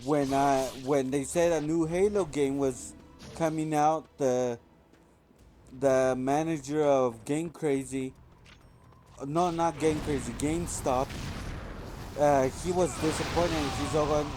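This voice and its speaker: A man's voice: fairly high pitch, fairly even intonation, slow, a little mellow, slight background noise. A man doing casual gameplay commentary as a let's play host, rambling and correcting himself as he goes. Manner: rambling, self-correcting storyteller. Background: game music playing.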